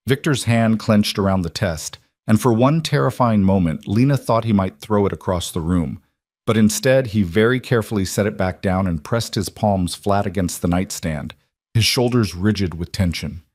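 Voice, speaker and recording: A man giving measured, scripted audiobook narration of a romance story. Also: on the low side, darkish tone, dry recording, studio quality.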